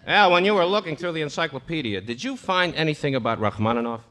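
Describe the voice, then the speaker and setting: Man, pianist guest, dry wit, bright and lively voice, old radio. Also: on the high side, quick pace. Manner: dry, witty put-downs. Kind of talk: old-time radio comedy banter. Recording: 1940s radio broadcast recording.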